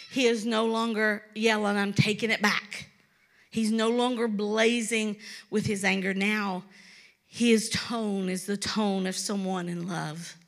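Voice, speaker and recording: A woman's voice: mid-range voice, gravelly, a bit bright. A woman from Kentucky with a Kentucky accent, preaching an earnest, pleading sermon and repeating words for emphasis.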